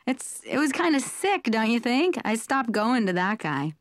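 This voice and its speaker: A woman comedian delivering a chatty, self-mocking stand-up monologue as a therapy patient in an animated comedy. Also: on the high side, measured pace, dry recording, studio quality.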